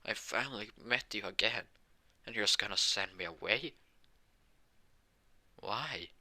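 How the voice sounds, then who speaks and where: Man doing an excitable young hero, low bright voice, blurted lines. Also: measured pace, heavily acted. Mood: pleading. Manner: blurted, casual exclamations.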